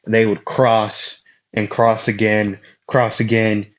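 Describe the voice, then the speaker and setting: A man's voice: on the low side, level tone, slow, muffled recording. A young man casually narrating a fan story, rambling with fillers and self-deprecating asides.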